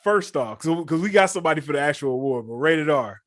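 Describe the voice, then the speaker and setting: A man with a St. co-hosting a casual wrestling podcast, relaxed and laughing along. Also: fairly high pitch, fast. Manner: laid-back, laughing along. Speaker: podcast co-host.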